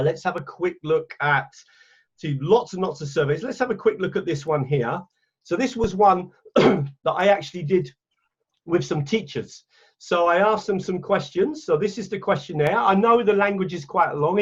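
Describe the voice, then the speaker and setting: An English man gives a teacher training webinar over a video call. His voice sits high for a man and sounds a little husky, and the call audio is dull and lo-fi. He chats along and corrects himself as he clicks through his screen. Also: animated, normal speed. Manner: chatty, self-correcting, talks while clicking around. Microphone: computer mic on a video call.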